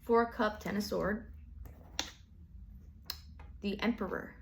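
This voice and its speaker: A woman reads tarot in a loose, chatty monologue. Her voice sits at an average height with a gravelly, creaky edge. She rambles, restarts, and drops casual swears as she goes. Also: medium pitch, steady tone, slow, background noise. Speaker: tarot reader.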